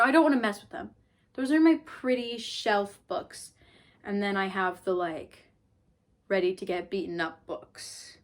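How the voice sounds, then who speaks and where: A woman in her twenties chatting casually about books she bought, rambling with lots of "like" and "um". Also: mid-range voice. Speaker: book vlogger. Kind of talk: casual book haul chat.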